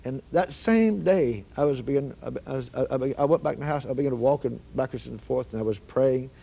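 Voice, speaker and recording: A man telling an emotional personal testimony, shifting from hushed storytelling to loud, fervent prayer. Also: mid-range voice, fairly quick, vocal fry. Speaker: guest giving testimony. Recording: dull lo-fi 1980s broadcast audio.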